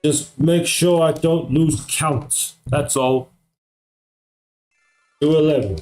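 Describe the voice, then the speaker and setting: Rambling streamer man, mellow voice. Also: on the high side, steady tone, slow pace, faint music behind, rough recording. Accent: American-sounding. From Australia. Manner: rambling, many fillers. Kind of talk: casual live-stream chat. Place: home at night.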